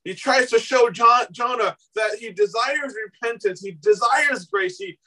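High, bright-voiced preacher man. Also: a little slow, far from the mic, poor audio. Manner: animated storytelling, acts out quoted voices, rises to shouts. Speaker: pastor. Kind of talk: sermon.

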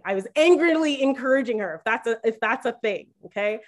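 A woman's voice: fairly high pitch, normal speed. Woman confiding a personal faith story. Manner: animated, confiding, acts out quoted voices; addresses listeners directly as "guys". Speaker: faith speaker.

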